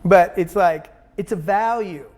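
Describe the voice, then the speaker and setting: A man's voice: sits high, a little slow, a little mellow. A man talking as an interview guest, blunt and emphatic, swearing freely and rambling with many restarts. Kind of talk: casual conversational interview.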